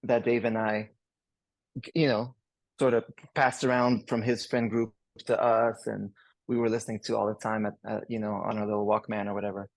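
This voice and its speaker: A man in his forties with a French Canadian accent, a guest chatting casually on a podcast in a rambling, relaxed way. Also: lowish voice, moderate pace, vocal fry, no room sound. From Canada, Montreal. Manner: rambling and relaxed, many fillers and restarts.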